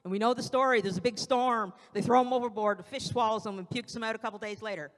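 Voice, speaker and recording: A woman's voice: on the high side, fast talker. Woman preaching in reverberant church. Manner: conversational preaching with acted-out quotes. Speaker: church speaker. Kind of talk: evening sermon. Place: church sanctuary. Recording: long church hall reverb.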